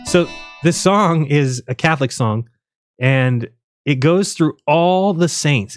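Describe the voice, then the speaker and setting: A man's voice: mid-range voice, no echo, clean studio sound. A man hosting a casual livestream, rambling and joking, often laughing at his own jokes. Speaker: livestream host.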